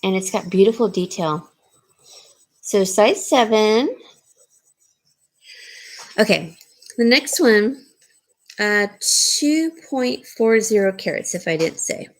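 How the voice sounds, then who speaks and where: A woman's voice: mid-range voice, expressive, slow pace, long pauses. A woman casually showing and describing jewelry for sale, rambling with frequent ums and restarts. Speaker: jewelry seller. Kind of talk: casual jewelry showcase talk.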